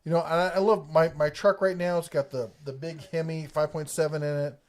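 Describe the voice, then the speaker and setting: A man's voice: fairly high pitch, steady tone, brisk. Middle-aged guy from ohio-kentucky way, casual livestream chat, restarts his sentences a lot, jokey. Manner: rambling, self-interrupting, jokey. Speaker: host of a tool livestream. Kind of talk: casual livestream chat reading viewer comments.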